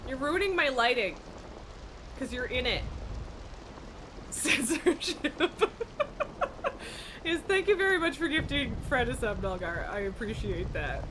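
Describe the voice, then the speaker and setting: Streaming live from a home room lined with acoustic foam, a woman chats casually in a high, bright voice with big pitch swings. She speaks unhurriedly, laughs often, and swears at and scolds her pet, with some background noise present.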